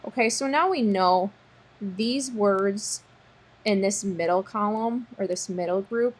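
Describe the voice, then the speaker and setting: A woman's voice: medium pitch, slow. A woman teacher walking young students through a recorded spelling lesson, sounding out words patiently. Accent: American. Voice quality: breathy. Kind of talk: recorded word-sort lesson.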